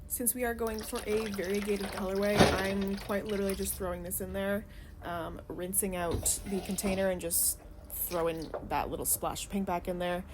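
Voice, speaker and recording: A woman's voice: mid-range voice, level tone, moderate pace, heavy background noise. A young woman chatting casually and rambling, swearing freely as she shows yarn and dyes it at home. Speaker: vlogger, yarn dyer.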